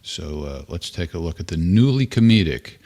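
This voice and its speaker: A man's voice: low-pitched, lively intonation, moderate pace, mellow. A man hosting a podcast, chatting in a rambling, conversational way. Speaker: podcast host. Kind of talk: casual chat.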